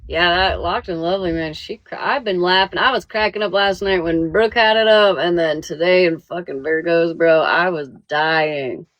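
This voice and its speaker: A woman's voice: fairly low pitch, fairly bright tone, no echo. A woman hosting a live stream, chatting casually and rambling with lots of swearing. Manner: profane, rambling, quick to laugh.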